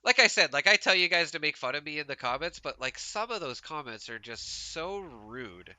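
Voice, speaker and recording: Male game streamer from Canada, rambling casual chatter, voice on the high side, very bright tone. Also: expressive, normal speed, no room sound. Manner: rambling, laughs often, heavy use of "like". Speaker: gaming streamer. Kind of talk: casual chat while live-streaming a game.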